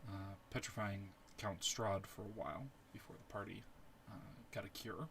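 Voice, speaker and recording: Guy running a tabletop game, lowish voice, takes his time, faint hiss behind. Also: steady tone, creaky, a bit bright. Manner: slow, measured narration. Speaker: game master.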